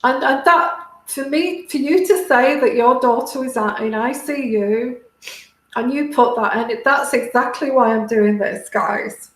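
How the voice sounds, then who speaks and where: A British woman hosting a tarot livestream, talking halting and heartfelt to her viewers, close to tears. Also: high voice, echoey room, low-quality recording. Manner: halting, many restarts and fillers, heartfelt. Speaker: tarot reader and livestream host. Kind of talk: casual livestream talk to viewers.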